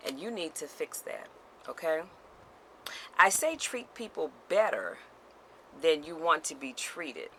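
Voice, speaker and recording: Woman vlogger, bright tone, sassy and emphatic, repeats key lines to camera. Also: sits low, sing-song, a little slow, pauses often, slight background noise, rough recording. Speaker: motivational vlogger. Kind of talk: direct-to-camera motivational talk.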